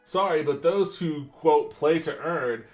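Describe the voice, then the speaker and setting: A man's voice: on the high side, unhurried, darkish tone, soft background music. A man co-hosting a casual podcast, chatting and reading a corporate letter aloud while laughing often. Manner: laughs often, breaks into giggles mid-sentence. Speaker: podcast co-host. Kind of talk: casual podcast chat and mock-formal reading.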